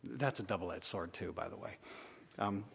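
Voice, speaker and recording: A man preaching a sermon, swinging from loud urging to hushed asides. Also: sits low, moderate pace, creaky, husky. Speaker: pastor. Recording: long hall reverb.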